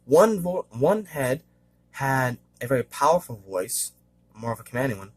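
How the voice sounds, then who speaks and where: Husky-voiced man rambling casually. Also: medium pitch, sing-song, moderate pace. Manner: rambling and hesitant, many fillers; frequent throat-clearing. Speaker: vlogger. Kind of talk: casual monologue.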